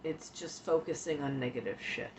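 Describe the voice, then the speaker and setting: A woman streamer chatting casually with her viewers, emotional and tearful at times, talking in slow, halting bits with many pauses. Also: low-pitched. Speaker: live streamer. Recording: dull lo-fi stream audio with faint hiss.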